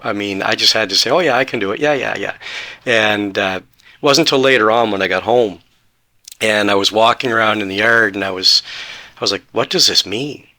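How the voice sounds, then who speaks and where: Guy in his 40s from canada telling his story on a podcast, lowish voice, earnest. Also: sharp tone. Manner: earnest, retells talks with quoted dialogue. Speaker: podcast guest. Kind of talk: personal storytelling.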